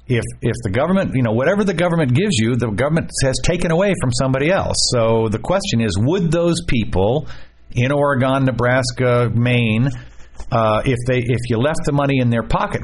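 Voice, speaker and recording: A man hosting a radio talk show, casual political talk with animated, repetitive delivery and jokey asides. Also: mid-range voice, slight background noise.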